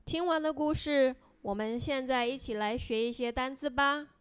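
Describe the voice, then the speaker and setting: A woman reading a children's picture book aloud in a gentle, sing-song way, then teaching words to kids. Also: sits high, moderate pace, smooth, no echo. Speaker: storyteller for children.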